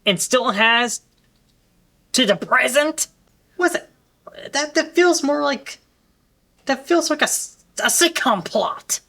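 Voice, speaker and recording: A man's voice: very high-pitched, lively intonation, slow, creaky, pauses often, sharp tone. A man co-hosting a film review, ranting in an exasperated, emphatic way. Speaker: co-host. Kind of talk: animated film review rant.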